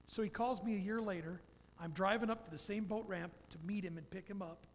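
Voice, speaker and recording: A man's voice: high-pitched, brisk, long reverb tail, slight background noise. A man giving an earnest personal testimony in a church, telling stories about faith. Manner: earnest, storytelling. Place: church sanctuary.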